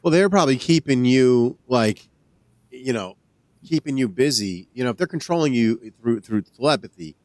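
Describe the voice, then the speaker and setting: A man hosts a podcast in a casual, affirming way, with lively pitch. His voice sounds dry and close to the mic. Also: moderate pace, dry recording. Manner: responsive, affirming interjections. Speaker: podcast host. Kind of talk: casual chat.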